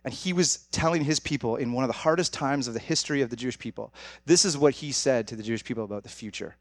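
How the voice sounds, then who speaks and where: Young pastor, male, chatty and direct with the congregation, talks fast, dry close mic. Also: medium pitch, no room sound. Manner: conversational, direct, addresses audience as guys. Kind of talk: sermon.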